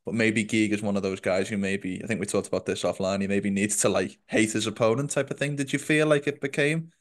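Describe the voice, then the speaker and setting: A man's voice: fairly low pitch, brisk. A man hosting an interview, friendly and attentive, asking long questions and murmuring agreement. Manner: friendly, attentive, many short murmured acknowledgements. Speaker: interview host.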